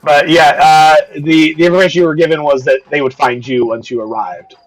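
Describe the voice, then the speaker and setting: A man's voice: a little high, fairly even intonation, a little fast, poor audio. A man running a live-streamed tabletop game as game master, talking loosely with lots of fillers and the odd swear.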